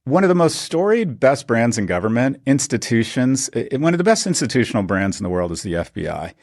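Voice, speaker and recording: A man's voice: mid-range voice, big pitch swings, a little fast, a little mellow, no room sound, studio quality. A middle-aged man co-hosting a podcast, telling stories sardonically and building to indignant emphasis. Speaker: podcast co-host. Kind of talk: casual opinionated chat.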